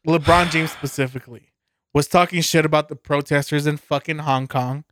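Male podcast co-host, heated and foul-mouthed, slightly high pitch. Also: steady tone, moderate pace, fairly bright tone, dry recording, clean studio sound. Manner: profane, ranting, heated. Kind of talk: casual beer podcast chat.

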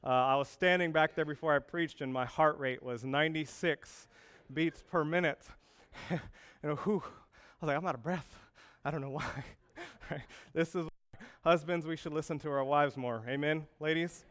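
Guy pastor giving a sermon, kinda high pitched, clear resonant voice, jokey storytelling. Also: moderate pace. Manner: lively, joking storyteller.

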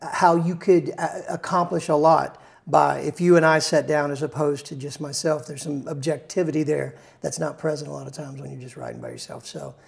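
A man's voice: a little high, lively intonation, fairly quick, creaky. A male songwriter in a casual interview, rambling through stories with restarts and self-deprecating humor.

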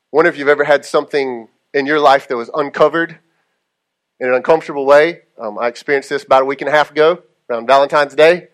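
High-voiced male pastor, chatty sermon. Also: lively intonation. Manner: conversational storytelling with frequent "okay?" check-ins; drops to slow, soft delivery for prayers. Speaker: lead pastor.

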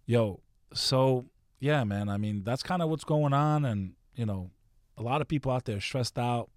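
A man in casual podcast chat who tells stories packed with profanity. His voice sits at an ordinary middle pitch. The sound is close and dry, with no room around it. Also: a little slow, no room sound. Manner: profane, storytelling, animated.

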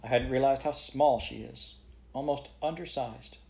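A man's voice: mid-range voice, fairly even intonation, normal speed, gravelly, dark tone, voice pushed up, lightly acted. A man voicing a fussy, meddling middle-aged woman who talks tactlessly and bossily. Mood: bossy. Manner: tactless, bossy.

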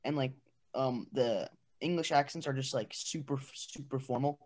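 A man's voice: medium pitch, moderate pace, a little mellow. Hesitant teenage boy in casual chat. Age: teens. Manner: hesitant, lots of fillers, explains with comparisons. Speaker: student podcast co-host.

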